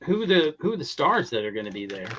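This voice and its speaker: A man's voice: fairly high pitch, very animated, fast talker, over a noisy crowd. A man chatting casually on a panel, often chiming in with brief agreement. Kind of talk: casual chat. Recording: dull lo-fi audio.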